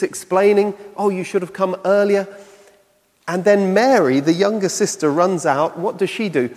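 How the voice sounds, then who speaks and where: A man preaches in a chatty, conversational manner, often pausing to put rhetorical questions to his listeners. His voice sits a little on the high side for a man. The sound carries the long reverb of a large hall. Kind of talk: sermon.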